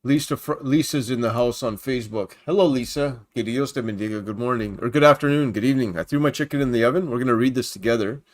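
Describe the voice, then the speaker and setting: A man's voice: mid-range voice, fast, few pauses. A man hosting a casual Christian livestream from home at his computer. He rambles as he reads news off the screen and greets viewers by name. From Canada.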